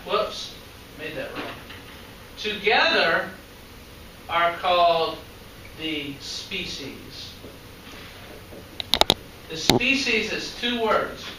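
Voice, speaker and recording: A man's voice: high voice, sharp tone. A man giving a classroom lecture as a biology teacher, chatty and often asking the class questions. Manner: conversational, asks the class questions. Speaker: high school biology teacher. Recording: echoey classroom from far off, faint noise.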